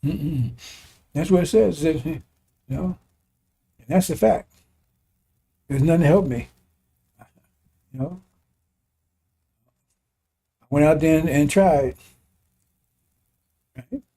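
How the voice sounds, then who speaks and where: A man's voice: on the high side, slow pace, pauses often, warm tone, slightly rough. A man preaching in a colloquial, impassioned way, reading scripture and adding mocking asides. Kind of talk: sermon commentary on scripture.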